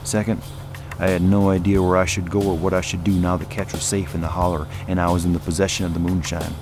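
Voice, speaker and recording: A man reading a first-person story aloud in a hushed, somber storytelling manner. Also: low voice, level tone, quick pace, music in the background. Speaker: narrator. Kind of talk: scripted first-person narration.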